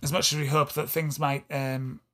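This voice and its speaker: A man's voice: on the high side, little pitch movement, moderate pace, fairly bright tone. A man with an East Yorkshire accent, co-hosting a podcast in a rambling, self-deprecating casual chat. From England. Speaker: podcast co-host.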